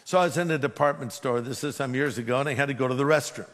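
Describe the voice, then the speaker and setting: Pastor guy preaching in a big hall, lots of echo, animated and funny. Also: mid-range voice, fast talker, slight background noise. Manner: animated, emphatic preaching with humor. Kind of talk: sermon with storytelling. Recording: long hall reverb.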